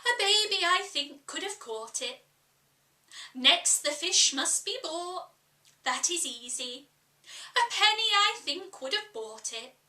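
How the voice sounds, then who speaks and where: A woman voicing a gentle adult queen with a soft, cooing voice and a delighted, gushing manner. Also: extremely high pitch, animated, slow, distant mic, voice pushed up, full character voice. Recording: echoey room, voice off-mic.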